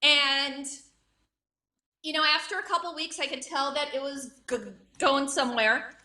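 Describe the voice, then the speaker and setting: A woman's voice: high-pitched, fairly even intonation, unhurried, sharp tone, recorded from a distance. Woman with a stutter doing stand-up. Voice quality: stutters, with repeated sounds and blocks. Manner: wry, self-mocking delivery. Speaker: stand-up comedian. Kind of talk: stand-up comedy set.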